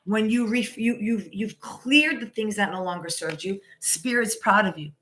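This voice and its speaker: A tarot reader gives a casual live reading, rambling and emphatic, restarting often and repeating "you know" while sounding encouraging. Her mid-range voice has a fairly bright tone and moves at a moderate pace, with a little hiss or hum in the audio.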